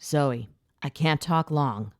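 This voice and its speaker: A man's voice: fairly high pitch, dry recording, clean studio sound. A woman doing a clipped, urgent brother on the phone. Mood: urgent, commanding. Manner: rushed and clipped. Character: urgent curt young man on a phone.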